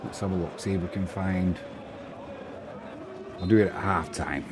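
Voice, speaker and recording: Low-voiced chatty football commentator man. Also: fairly even intonation, normal speed, noisy background. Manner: chatty, opinionated asides between play-by-play. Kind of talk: live solo match commentary while reading viewer chat.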